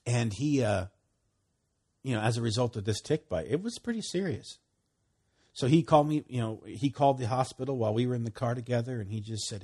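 A man's voice: medium pitch, moderate pace, darkish tone, breathy edge. A man preaching a casual sermon in a folksy, storytelling manner with emphatic repeats.

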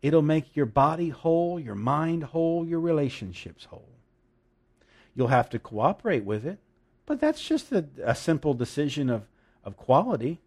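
Animated male preacher with lively pitch. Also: a little slow, husky. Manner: animated, laughing asides, dramatic emphasis. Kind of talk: sermon.

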